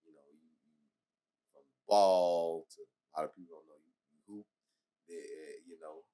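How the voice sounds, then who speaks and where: A man hosting a podcast, asking halting, rambling questions with many fillers. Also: low voice, fairly even intonation, dark tone. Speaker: podcast host. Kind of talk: casual interview talk.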